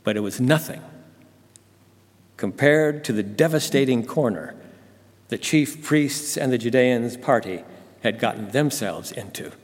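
A man's voice: mid-range voice, expressive, measured pace, long pauses. A man telling a Bible story in the first person, dramatic and intense. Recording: long hall reverb.

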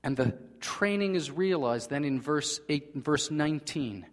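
A man preaching a sermon in earnest, swinging between loud emphasis and hushed, quiet passages. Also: on the high side, lively intonation, measured pace. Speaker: pastor. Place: church sanctuary. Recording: long reverb of a large hall.

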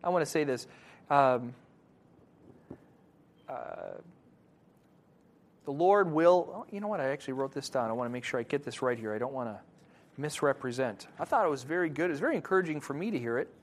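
A man preaching a sermon to his congregation, moving between quiet scripture reading and loud, animated emphasis. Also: medium pitch, brisk, pauses often. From Wisconsin, USA. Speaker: pastor.

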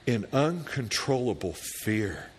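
A man's voice: mid-range voice, big pitch swings, slight background noise. A middle-aged man preaching a sermon as a pastor, reading scripture prayers with rising fervor and telling a personal story. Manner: slow, deliberate preaching that rises to fervent loud prayer readings.

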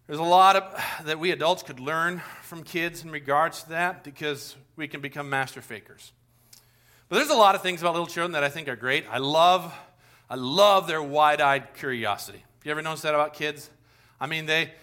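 A man preaching a sermon as pastor, talking straight to the congregation and telling lively stories. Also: on the high side.

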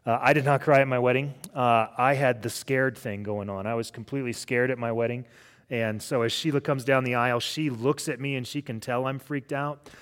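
A man's voice: mid-range voice, steady tone, fairly quick. Middle-aged man preaching a casual sermon. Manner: casual storytelling with frequent restarts. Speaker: pastor. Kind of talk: conversational sermon.

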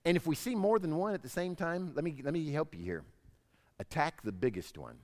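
A man preaches in an animated storytelling way, slipping into character voices for his anecdotes. His pitch sits a little high and swings widely. The sound carries a long reverb from a large church hall. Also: fairly quick. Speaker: pastor. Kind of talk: sermon.

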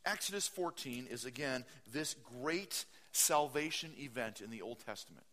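A man preaching a sermon. He reads scripture aloud, stops to comment, and swings between loud bursts and hushed asides. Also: medium pitch, lively intonation, normal speed, in a large hall. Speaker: pastor.

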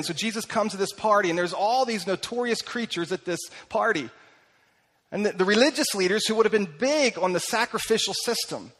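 A man preaching a sermon as pastor, animated, acting out the voices he quotes and swinging between loud bursts and hushed lines. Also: high voice, brisk, long reverb tail.

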